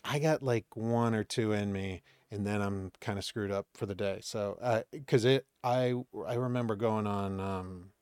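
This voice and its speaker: A man from Maine, chatting on a podcast as a guest comedian. His voice sits a little low, and he tells his anecdotes with lively energy, slipping into the voices of people he quotes. The sound is close and dry. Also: measured pace, hardly any pauses, smooth, dry recording. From Maine, USA. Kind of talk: casual storytelling chat.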